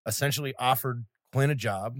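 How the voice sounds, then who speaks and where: A man's voice: medium pitch, a little fast, a bit bright, dry recording, studio quality. A man with an ordinary mid-range voice talks casually as a co-host. He is chatty, chimes in easily and laughs along. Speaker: podcast co-host. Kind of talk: casual conversation.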